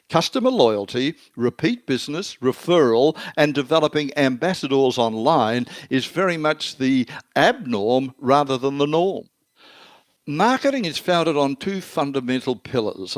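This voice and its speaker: An older man, answering interview questions as a marketing expert in an emphatic, measured lecturing way. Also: medium pitch, dry recording.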